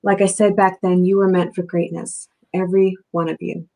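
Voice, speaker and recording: Brief: an author voicing a warm, serene motherly older woman, low and gravelly, soft and fond, read from a novel. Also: flat delivery, normal speed, close to an everyday voice, poor audio. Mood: tender. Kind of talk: reading aloud from a novel.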